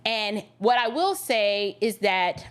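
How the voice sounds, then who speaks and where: A woman's voice: mid-range voice, expressive, slow, smooth. A woman hosting a podcast livestream, talking casually and greeting viewers by name as she chats. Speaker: podcast host.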